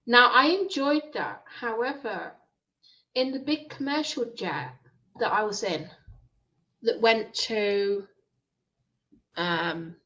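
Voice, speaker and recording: A woman's voice: a little high, takes it slowly, long pauses, sharp tone, muffled recording. A woman co-hosting a casual late-night chat who talks hesitantly and often stops to search for words. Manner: hesitant, with fillers and restarts. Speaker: co-host of a live stream.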